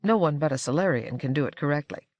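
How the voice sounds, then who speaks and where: A woman reading the part of an older aristocratic woman, curious and a bit haughty, with a lively, inquisitive delivery. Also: sits low, quick pace, dry recording, dull audio. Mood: playful.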